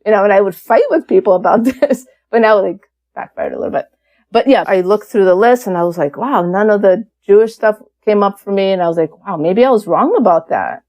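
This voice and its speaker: A woman guest on an interview podcast, telling her story in a casual, candid way with lots of fillers. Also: mid-range voice. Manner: chatty, many fillers, animated and candid.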